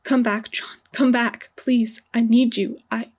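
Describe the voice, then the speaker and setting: A grief-stricken man pleads through sobs, his voice cracking, as a woman reads him aloud in an audio story. The tone stays breathy and flat in its pitch. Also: slow. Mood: sobbing. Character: grief-stricken adult male detective.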